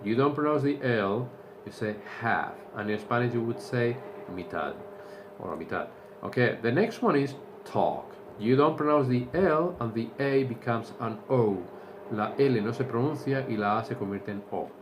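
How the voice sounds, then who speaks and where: Lively bilingual male English teacher. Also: medium pitch, background noise. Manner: explains slowly, repeats each point in Spanish. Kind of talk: bilingual language lesson.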